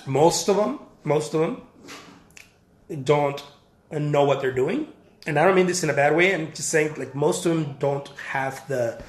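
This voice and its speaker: A man's voice: fairly high pitch, roomy sound. A man, an artist, giving career advice in a casual talk to camera at home, emphatic and repetitive, calling his viewers guys. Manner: emphatic, repeats points, addresses viewers as guys. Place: home, near a backyard.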